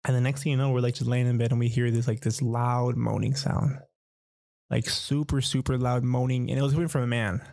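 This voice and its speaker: A man's voice: mid-range voice, steady tone, a little fast, gravelly, darkish tone, dry recording, studio quality. A young man casually telling a long personal story, rambling and profane, full of fillers like "like" and "you know.".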